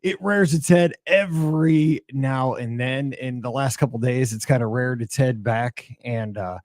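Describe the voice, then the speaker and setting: A middle-aged man talks alone into a podcast mic, his voice hoarse and worn from a cold and asthma. He rambles in a friendly, chatty way, full of "uh"s and restarts. His tone is dark and mellow, and the recording is dry and close with no room sound. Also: mid-range voice, measured pace, no room sound. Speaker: podcast host. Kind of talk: solo podcast monologue.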